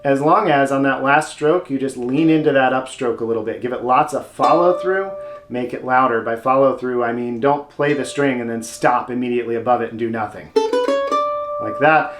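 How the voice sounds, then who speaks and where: A man's voice: mid-range voice, brisk, soft background music. A man teaching mandolin technique step by step, friendly and casual, with playful asides. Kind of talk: instructional video lesson. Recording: roomy sound with loud mandolin playing. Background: mandolin playing.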